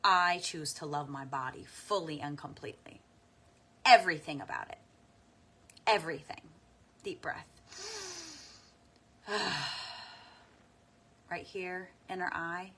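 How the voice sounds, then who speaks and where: A woman leading a slow guided tapping meditation. She speaks softly and unhurriedly, pausing often for deep breaths and audible sighs.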